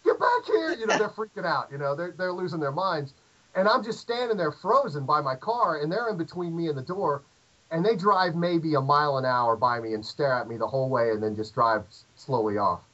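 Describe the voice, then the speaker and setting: A middle-aged American man tells a rambling story full of fillers and restarts. His voice sits a little high for a man. The call audio is dull and lo-fi. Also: fairly quick. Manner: rambling, animated anecdote with many fillers and restarts. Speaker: podcast guest. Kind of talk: casual storytelling. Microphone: remote call audio.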